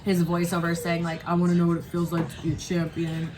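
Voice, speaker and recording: A woman co-hosting a casual chat, animated and quick to act out what others said. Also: lowish voice. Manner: animated, quotes people in exaggerated voices, laughs a lot. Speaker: co-host.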